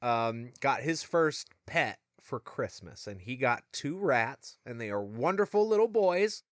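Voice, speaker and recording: Joking male podcast host, chatty plot recaps; lively, expressive pitch. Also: unhurried, no echo, studio quality. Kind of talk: casual book discussion and recap.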